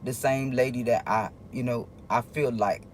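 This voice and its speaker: A man speaks straight to his viewers on a livestream, his voice sitting at an ordinary middle pitch. He rambles and stops often, restarting his sentences as he goes, in an earnest, confiding tone. A faint ambient hum stays in the background. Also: steady tone. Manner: rambling, halting, with many restarts. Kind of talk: casual livestream monologue.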